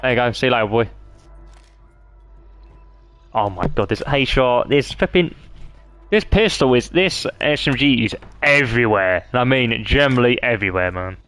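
A man's voice: medium pitch, animated, moderate pace, pauses often, fairly bright tone, dry recording, faint music behind. A man giving profane, trash-talking commentary while streaming a game live.

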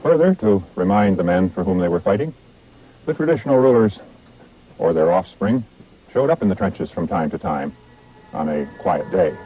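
Older male presenter, low voice, measured scripted narration, dry wit, faint music bed. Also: mellow, low-quality recording. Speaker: documentary presenter.

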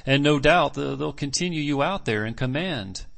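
A man's voice: medium pitch, lively intonation, normal speed, gravelly, fairly bright tone, pitched above the performer's own voice. A man voicing a young junior partner of a shipyard, a nephew with a faintly contemptuous air. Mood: smooth.

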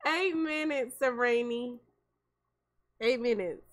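A woman's voice: fairly high pitch, takes it slowly, background noise. A young woman, chatting casually over gameplay and talking to her viewers as "y'all". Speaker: gameplay commentator. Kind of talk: casual game commentary.

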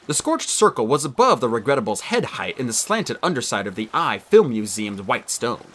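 Male narrator, expressive audiobook reading, bright tone, very animated. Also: mid-range voice, moderate pace, few pauses.

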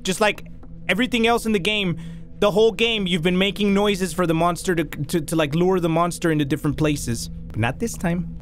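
A young Mexican gaming YouTuber with a Mexican accent does let's play commentary on a horror game, his voice sitting high and a little fast over soft background music. He's jumpy, coaching himself in hushed tones before bursting into loud yelps, swearing, and switching into Spanish.

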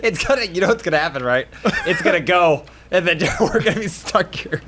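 High, lively man joking through a game. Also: a little fast, noisy background. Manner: playful, laughs often. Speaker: gameplay commentator. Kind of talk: casual group game chat.

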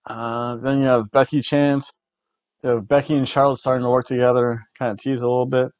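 A man hosts a casual review chat, rambling along and often restarting his sentences. His voice sits at an ordinary middle pitch. The recording is dry and a little dull. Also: little pitch movement, fairly quick, darkish tone, dry recording. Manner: rambling, repeats words, food-rating jokes. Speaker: podcast co-host reviewing wrestling.

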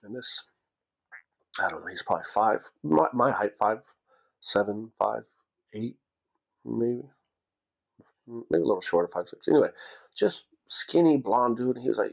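A man's voice: on the low side, expressive, normal speed, gravelly, pauses often, rough recording. A middle-aged man casually telling stories from his time in the navy, rambling with many fillers and asides. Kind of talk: casual storytelling.

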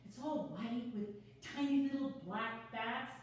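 A high-voiced nervous young lyricist, quick and self-mocking, as a woman reads her; echoey room, mic at a distance. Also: a little hiss or hum, lightly acted. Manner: quick, jittery, self-mocking, laughs often. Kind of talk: reader's theater play reading.

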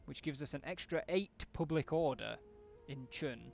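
Streamer, man, gravelly voice, dry asides, slightly dull lo-fi desk mic audio. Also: a little high, normal speed, a little mellow. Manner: thinking aloud, casual, wry asides. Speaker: game streamer. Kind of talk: live strategy game commentary.

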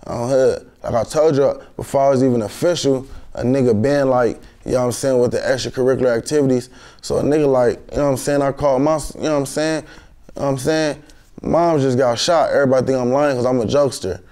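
A young man talks in slangy street speech packed with fillers. His voice is mellow and relaxed, and it sits at a middle pitch. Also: fast. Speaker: guest. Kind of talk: street storytelling interview.

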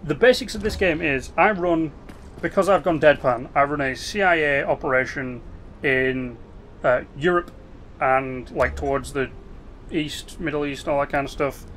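A man giving casual commentary as he plays a strategy game, explaining its mechanics with quick asides and restarts. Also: fairly high pitch, a bit bright, slight background noise. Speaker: gaming video host.

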